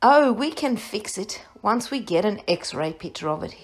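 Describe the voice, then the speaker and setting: Woman doing a gentle, kind male vet. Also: mid-range voice, moderate pace, close to an everyday voice. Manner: calm, warm, soothing.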